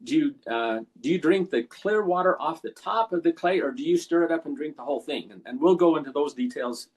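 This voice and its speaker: An older man with a husky voice telling folksy stories as a podcast guest, acting out the lines of people he talked with. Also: fairly high pitch, animated, a little fast. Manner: folksy anecdotal storyteller, acts out callers' lines. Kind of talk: storytelling in a podcast interview.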